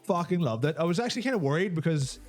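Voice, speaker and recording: A man's voice: fairly high pitch, animated, racing, soft background music. A man co-hosting a gaming talk show, in sweary, enthusiastic banter. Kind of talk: casual chat.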